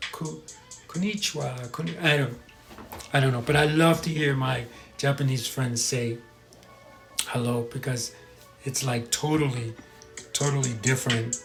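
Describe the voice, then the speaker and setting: An American man hosts a live stream, chatting casually, reading out viewer comments and stumbling over pronunciations. His voice is medium-pitched with a fairly bright tone.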